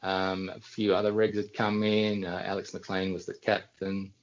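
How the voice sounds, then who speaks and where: A middle-aged Australian man with a gravelly, fry-edged voice spinning loose anecdotes as a podcast guest. He wanders, restarts his sentences and circles back in an easy, conversational way. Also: sits low, level tone, moderate pace, highs cut off. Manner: rambling anecdotes with frequent restarts. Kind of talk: casual storytelling.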